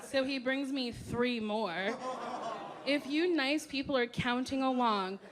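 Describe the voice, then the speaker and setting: A woman doing stand-up, telling a drawn-out story. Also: high voice, a crowd in the background. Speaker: stand-up comedian. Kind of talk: stand-up routine. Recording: loud background noise.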